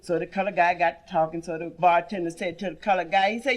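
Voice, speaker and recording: A woman's voice: lowish voice, fairly even intonation, fast talker, few pauses. A woman comedian telling bawdy jokes in a brassy stand-up style, laughing through her own punchlines.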